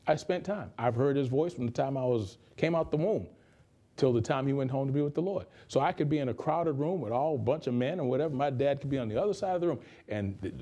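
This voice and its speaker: Mellow-voiced man preaching casually. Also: medium pitch. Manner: conversational, repeats phrases for emphasis. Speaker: pastor. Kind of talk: sermon. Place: radio studio.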